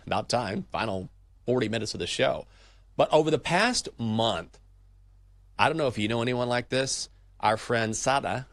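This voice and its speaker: A man hosting a morning sports betting show, chatting and telling stories in a lively, casual way. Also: lowish voice, no echo. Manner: chatty storyteller, energetic. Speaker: show host.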